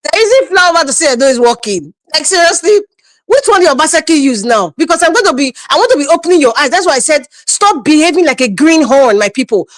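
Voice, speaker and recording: A woman's voice: high-pitched, expressive, fast, dry recording. A woman with a Nigerian accent giving scolding, mocking political commentary on a livestream, laughing often.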